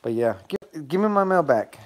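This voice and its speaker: A man's voice: on the high side, animated, moderate pace. A man chatting casually on a live stream from his phone, calling to his dogs and laughing with viewers.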